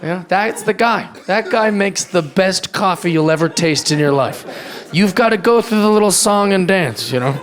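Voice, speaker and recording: A man doing a stand-up routine, mocking and profane, with animated rants. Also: high voice, normal speed, hardly any pauses, over a noisy crowd. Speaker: stand-up comedian. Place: comedy club stage with live audience. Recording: live club recording with loud audience laughter.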